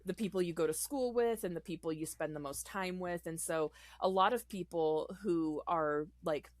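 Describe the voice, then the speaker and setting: A woman's voice: fairly low pitch, moderate pace, dry recording. A woman in casual podcast chat, talking with many fillers and laughs. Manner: hesitant, laughs between thoughts, many fillers.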